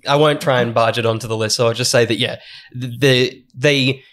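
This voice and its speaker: A man, co-hosting a casual podcast chat, relaxed and quick to laugh, often trailing off mid-sentence. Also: medium pitch. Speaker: podcast co-host.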